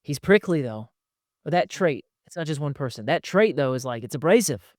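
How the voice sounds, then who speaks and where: A man's voice: a little high, expressive, brisk, a little mellow, no room sound, studio quality. A man who is a pastor, talking emphatically on a podcast and acting out the people he quotes. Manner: emphatic, acts out quoted people in different voices. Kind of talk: conversational podcast discussion.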